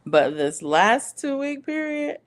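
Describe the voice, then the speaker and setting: A woman's voice: sits high, very animated, slow pace. A middle-aged woman hosting a casual livestream, chatting and laughing often as she reads viewer comments aloud. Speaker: livestream host. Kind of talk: casual live-stream chat.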